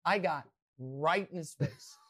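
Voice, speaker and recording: A man hosting a podcast, telling a rambling, self-mocking story with lots of excitement. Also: fairly high pitch, unhurried. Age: adult, past college. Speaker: podcast host. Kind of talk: animated storytelling.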